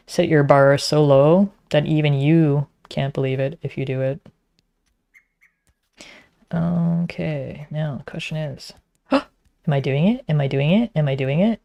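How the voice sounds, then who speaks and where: A woman's voice: low-pitched, vocal fry, warm tone. A woman, talking to herself while streaming a frustrating game, muttering and sometimes whispering. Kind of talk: casual gameplay commentary.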